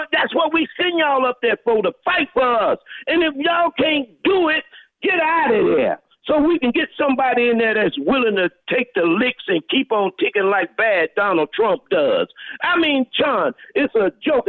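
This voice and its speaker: A man's voice: extremely high pitch, no room sound. A man from Texas calling in to a talk radio show, ranting in a fired-up, preachy way and repeating his phrases. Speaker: caller. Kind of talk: impassioned call-in rant. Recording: tinny phone line.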